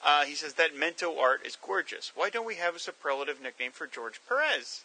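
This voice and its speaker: A man co-hosting a casual podcast, bantering and joking quickly about listener comments. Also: a little high, animated, bright, forceful tone, poor audio. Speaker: podcast co-host.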